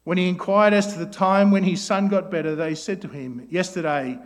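A man delivering a sermon in a notably high voice. He poses question after question to the congregation and often tags his points with a quick "isn't it?". When he quotes a plea or a prayer, he softens and slows right down. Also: steady tone. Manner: asks rhetorical questions with tag questions, drops to a soft voice for quoted prayers. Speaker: preacher.

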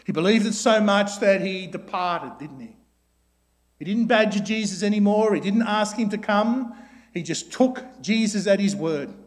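High-voiced preacher with rhetorical questions. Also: male voice, animated, moderate pace. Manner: asks rhetorical questions with tag questions, drops to a soft voice for quoted prayers. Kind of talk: sermon.

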